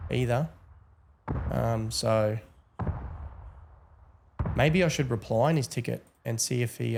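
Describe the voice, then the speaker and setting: A young man talks through his game as a server admin, in a sleepy, teasing drawl padded with ums and uhs. His voice has a gravelly, fry-laden edge at an ordinary middle pitch, and a faint hiss sits under the recording. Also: darkish tone. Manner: drawling, chatty, teasing, with many fillers. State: tired, yawning. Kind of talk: casual gameplay commentary.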